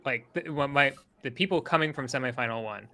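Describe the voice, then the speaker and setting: A man's voice: mid-range voice, a little fast, pushed and bright, a little hiss or hum. A man co-hosting a casual live stream chat, eagerly picking apart camera shots and staging in detail. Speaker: stream co-host.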